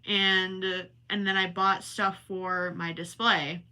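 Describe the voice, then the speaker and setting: Bright-voiced chatty young woman. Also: medium pitch, level tone, takes it slowly. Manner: chatty and rambling, self-correcting, talks while working. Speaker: crochet livestream host. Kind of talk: casual chat while crocheting live.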